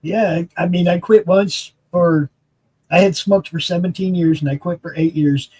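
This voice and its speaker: A man's voice: high-pitched, steady tone, moderate pace, darkish tone, husky. A middle-aged man chatting casually on a livestream panel, telling rambling, profane anecdotes. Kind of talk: casual chat.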